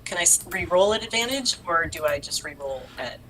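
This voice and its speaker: A woman playing a tabletop game, calmly describing what her character does. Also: on the low side, slight background noise, poor audio. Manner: slow, thoughtful, describes her actions. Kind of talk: casual tabletop game chat.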